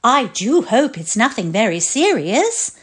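A woman reading the part of a prim, overly kind older headmistress with a measured, proper manner. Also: fairly high pitch, sing-song, a bit bright, breathy edge, exaggerated voice.

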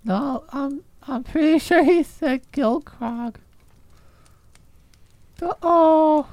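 A woman playing a squeaky drunk gnome. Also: lively intonation, moderate pace, a bit bright, no room sound. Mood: maudlin drunk. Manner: slurred, stammering, sentimental. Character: drunk rambling gnome adventurer. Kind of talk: tabletop role-play.

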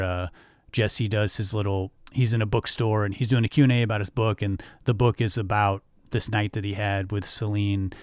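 A man co-hosting a film podcast, talking eagerly and rambling through a scene. His voice sits a bit low and the sound is dry. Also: smooth, no echo. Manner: enthusiastic, rambling with fillers. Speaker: podcast co-host.

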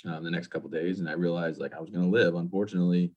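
A man's voice: low-pitched, fairly even intonation, very fast, lo-fi sound. A man in his thirties, a veteran guest, telling his personal story in a candid, plain-spoken interview manner.

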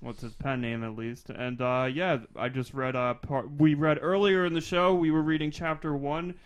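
A man co-hosting a comedy podcast, chatting casually and reading a passage aloud slowly with mock drama, breaking into laughs. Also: fairly high pitch, fairly even intonation, clear, resonant tone. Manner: reads erotic fiction aloud in a slow mock-dramatic voice, laughing. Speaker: podcast co-host.

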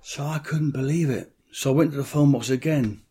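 A man's voice: a little high, brisk, mellow, husky. A middle-aged man, telling a story bluntly in an interview, swearing freely and acting out other people's voices.

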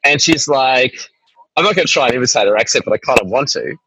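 A man's voice: medium pitch, animated, quick pace, sharp tone, slight background noise, rough recording. An Australian man chatting as an interview guest, rambling and often tagging his points with "right?". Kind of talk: casual interview chat.

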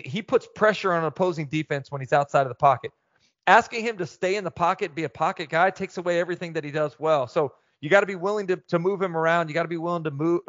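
A middle-aged man, a former football player, talks candidly as a podcast guest and tells animated stories. His voice sits on the high side. The recording is dry and dull. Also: no echo. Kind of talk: casual interview chat.

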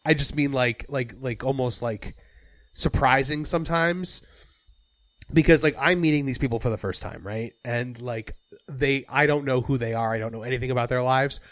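A man's voice: mid-range voice, dry recording. A man co-hosting a casual podcast chat, rambling with many fillers and restarts. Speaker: podcast co-host.

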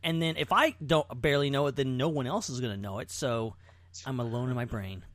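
A man hosting a podcast in a playful, casual chat manner, quick to laugh. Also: mid-range voice, a bit bright, no echo, clean studio sound. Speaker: podcast host.

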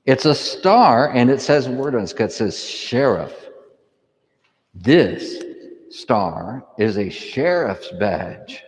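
A priest reads the gospel and then tells the children a story, his voice swinging up and down with animation. His pitch sits mid-range for a man. Long reverb from the church trails behind every word. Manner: animated storytelling, asks kids questions. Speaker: priest or deacon. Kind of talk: gospel reading and children's homily.

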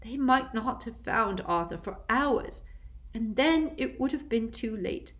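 A woman's voice: a little high, lively intonation, measured pace, voice pushed up. A woman voicing a kind, emotional middle-aged mother witch who speaks earnestly and gushingly. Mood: grateful.

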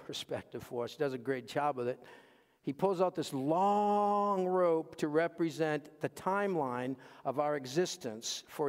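A man preaching a sermon as pastor in a church, emphatic and fond of repeating key phrases, moving between quiet asides and raised, pointed lines. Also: a little high. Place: church sanctuary. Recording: long reverb of a large hall.

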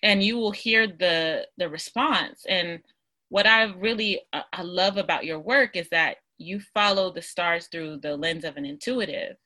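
30s woman host, low-ish but bright forceful voice, eager, trips on words. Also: a little slow. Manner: eager, restarts words, thinks aloud. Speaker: podcast host. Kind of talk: casual conversational interview.

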